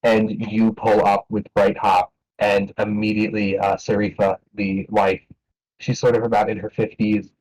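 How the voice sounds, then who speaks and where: A man narrating as game master of a tabletop game, relaxed and hesitant with many fillers. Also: on the low side, normal speed, low-quality recording.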